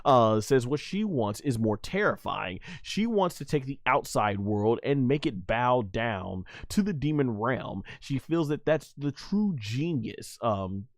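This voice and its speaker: A man's voice: medium pitch, lively intonation, a little slow, hardly any pauses, no echo. Chatty man recapping an episode, dry sound. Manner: rambling, with many fillers and restarts, chuckling often. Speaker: anime episode reviewer, channel host. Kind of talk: casual spoken episode recap.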